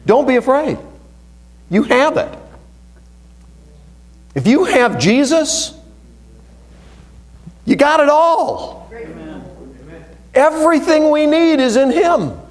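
A man preaching a sermon to his congregation. He reads scripture aloud with emphasis and swings between loud, stressed phrases and hushed, low asides. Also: sing-song, slow pace, pauses often. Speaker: pastor.

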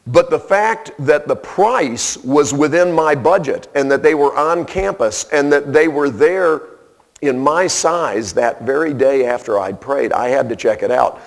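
A man preaching in a storytelling style, animated and self-deprecating. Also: fairly high pitch, unhurried, creaky. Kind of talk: storytelling sermon.

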